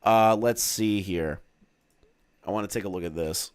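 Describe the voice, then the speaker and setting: A man commenting casually on a live stream, swearing often, reading documents aloud and breaking into loud exclamations. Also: fairly low pitch, unhurried, smooth.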